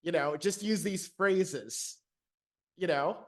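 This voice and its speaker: A man's voice: high-pitched, slow pace. A man co-hosting a podcast, chatting in a laid-back way with lots of fillers. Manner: laid-back, frequent "you know" and fillers. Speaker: podcast co-host. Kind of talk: casual chat.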